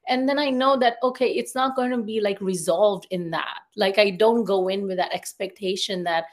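A woman's voice: medium pitch, normal speed. A woman in her thirties, a therapist and coach, talking casually as a podcast guest with lots of fillers and restarts. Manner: chatty, many fillers and restarts. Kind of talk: casual conversational interview.

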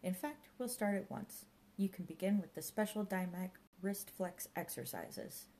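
A woman's voice: medium pitch, animated, unhurried, warm tone, a little hiss or hum, rough recording. A woman reading an audiobook and voicing a grandiloquent, pompous middle-aged male park ranger who fancies himself a martial arts mentor. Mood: bossy. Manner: grandiloquent, theatrical. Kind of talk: audiobook character voice.

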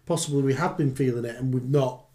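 A man's voice: mid-range voice, quick pace, a loud crowd. A man co-hosting a podcast in casual chat. He talks in a dry, teasing way and slips in jokes at his partner's expense. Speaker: podcast co-host.

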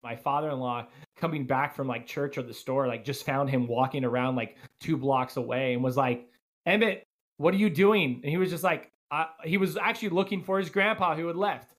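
A man's voice: medium pitch, steady tone, brisk, hardly any pauses, fairly bright tone. A man in his thirties hosting a podcast, telling family stories in casual chat, laughing and swearing freely. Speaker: podcast host.

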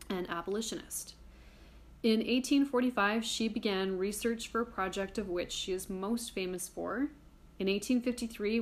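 A woman hosting a casual history podcast, chatty and irreverent, swearing casually while reading from her notes. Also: medium pitch. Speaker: podcast host.

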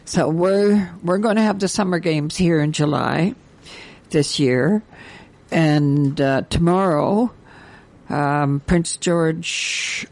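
An older woman, hosting a community radio show, reading announcements in a halting way with many fillers. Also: low voice, creaky, a little mellow. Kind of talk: casual radio chat and announcements.

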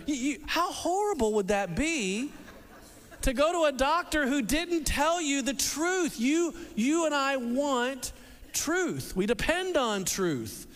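A man preaching a sermon to a congregation, animated and repeating words as he restarts and acts out quotes. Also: extremely high pitch, slow. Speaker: pastor. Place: church hall with a congregation. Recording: long reverb of a large hall.

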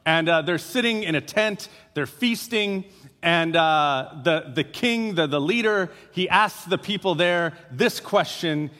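High-voiced pastor in a reverberant hall. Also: male voice, expressive, measured pace, sharp tone. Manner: conversational, frequent filler uhs. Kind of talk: sermon.

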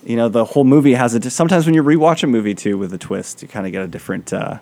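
A man's voice: mid-range voice, animated, racing, creaky, a little mellow, no room sound. A man co-hosting a casual podcast, laid-back, laughing along and reacting with short exclamations. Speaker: podcast co-host.

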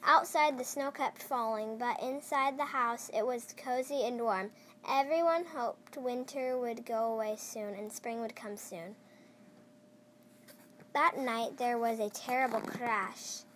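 A child reading a picture book aloud, slowly and with small stumbles and restarts. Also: medium pitch, a bit bright, slight background noise. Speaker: storyteller.

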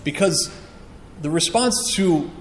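A man's voice: a little high, expressive, takes it slowly, a little hiss or hum. A man preaching a sermon, earnest and emphatic, acting out quotes as he teaches. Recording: echoey hall with long reverb.

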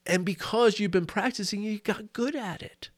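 Recorded on a boom mic, this man teaches mindfulness informally in a high-pitched voice at a moderate pace. He chats, laughs readily, and peppers his points with "you know" and "right?"

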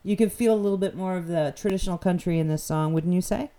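A woman's voice: on the low side, fast talker, dark tone. A woman from New Brunswick, Canada, hosting a radio interview in a chatty, rambling way and laughing easily. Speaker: radio show host.

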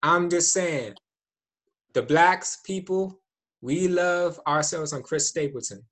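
A co-host in a casual chat comes across laid-back and persuasive, repeatedly saying "hey, look." His voice is a little high and a bit bright, and he speaks slowly.

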